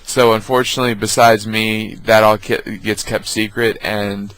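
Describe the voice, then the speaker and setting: A man vlogger telling funny family stories in a casual, halting way, with many ums. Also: lowish voice, little pitch movement, fairly bright tone, rough recording. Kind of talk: casual storytelling.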